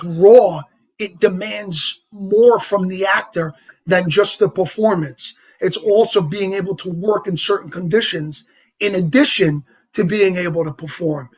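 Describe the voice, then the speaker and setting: Guest, male, heavy New York accent, raised husky voice, animated and rambling, casual interview. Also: high voice. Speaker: actor guest.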